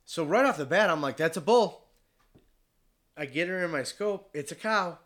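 His voice runs on the high side at an ordinary pace. He's a man from Michigan chatting about a hunt, swearing liberally and animatedly mimicking the people he describes.

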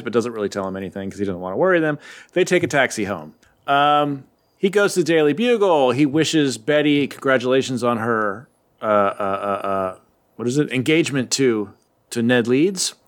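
A man recaps a story in loose, rambling chat, his voice sitting in an ordinary middle register. He jumps in and out of quick character voices and keeps a playful, offhand tone. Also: mid-range voice. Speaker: podcast host recapping comics. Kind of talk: casual chat.

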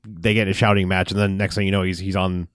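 A man with a lowish voice talks through a film's plot in loose, rambling podcast chat. He keeps slipping into goofy voices for the characters. The sound is dry and close to the mic. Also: flat delivery, quick pace, smooth, dry recording. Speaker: podcast co-host. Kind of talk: casual movie recap chat.

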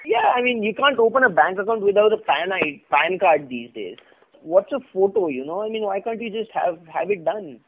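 A man's voice: high-pitched, big pitch swings, a little fast. A man with an Indian English accent hosting a casual discussion, explaining with frequent hesitations. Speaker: host. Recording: tinny phone-like sound.

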